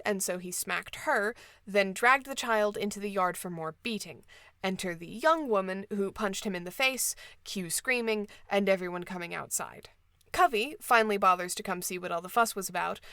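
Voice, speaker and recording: A woman's voice: medium pitch, a bit bright, no room sound, studio quality. A woman hosting a book podcast, summarizing a novel with wry, sarcastic asides. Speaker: podcast host.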